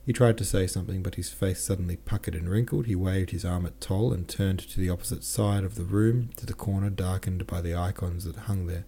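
Deep, mellow male audiobook reader. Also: fairly even intonation, fairly quick, gravelly, few pauses, husky. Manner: plain reading with casual self-corrections and asides. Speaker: podcast host and audiobook reader. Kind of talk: reading a classic novel aloud.

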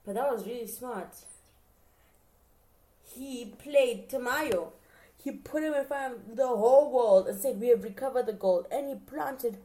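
A woman's voice: high voice, animated, moderate pace, a little mellow. A young woman in casual reaction chat, talking straight to her viewers and acting out her own reactions with gushing emotion. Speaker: vlogger reacting to a TV series.

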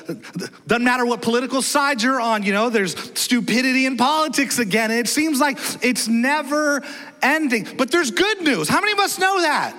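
An energetic male pastor preaches in a chatty way, throwing questions out to the congregation. His voice sits high for a man. The sound carries the long reverb of a church hall. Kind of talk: sermon. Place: church auditorium.

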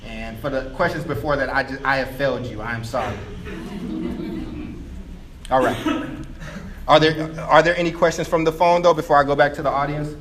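A man speaking casually to a live audience about schools, lively and conversational, full of quick asides and fillers. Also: medium pitch, a little hiss or hum. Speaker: education speaker taking audience questions. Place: meeting room with a live audience.

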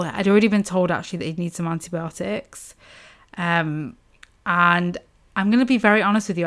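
A woman in her thirties telling a personal story as a podcast host, candid and casual, swearing now and then. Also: lowish voice. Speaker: podcast host and business coach.

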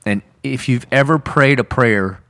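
A man's voice: medium pitch, unhurried, a bit bright. A man, a pastor, talking through a Bible story in conversation, earnest and casual, acting out quoted lines with rising intensity. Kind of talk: sermon-style podcast discussion.

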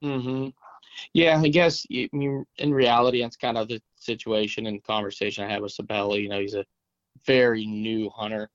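A man's voice: lowish voice, steady tone, no room sound, lo-fi sound. A man with a West Virginia accent, co-hosting a podcast and talking in a sympathetic, reflective way. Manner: sympathetic, reflective, drawn-out phrasing. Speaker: podcast co-host. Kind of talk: casual podcast chat.

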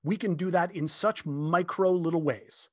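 A man in his fifties, a guest telling a heartfelt story in casual conversation from his home office, earnest and animated, often restarting his sentences. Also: sits high, normal speed, dry recording, clean studio sound.

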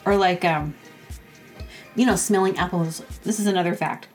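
A woman's voice: lowish voice, normal speed, faint music behind. A woman hosting her own podcast in a casual solo monologue. She rambles, jokes, laughs often and acts out little quoted exchanges. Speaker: podcast host.

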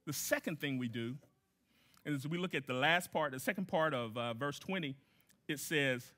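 A man's voice: a little high, moderate pace, pushed and bright. A man preaching a sermon as a guest pastor, emphatic, repeating key phrases and putting questions to the congregation.

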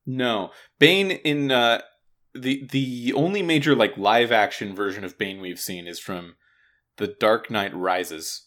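A man's voice: on the low side, takes it slowly, a bit bright. A man co-hosting a casual gaming podcast, rambling and restarting his words often. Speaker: podcast co-host.

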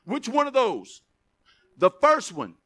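A man preaching a sermon as pastor, reading verses slowly with emphasis, then dropping into quick asides to the church. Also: extremely high pitch. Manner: animated, stretches scripture words for emphasis, drops to asides.

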